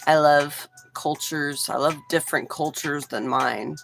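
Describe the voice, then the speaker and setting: A woman's voice: sits low, unhurried, creaky, faint music behind, low-quality recording. A woman in her forties from Texas, chatting casually with viewers on her livestream. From Houston, Texas. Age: 40s. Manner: relaxed, chatty, talks straight to chat. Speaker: livestream host.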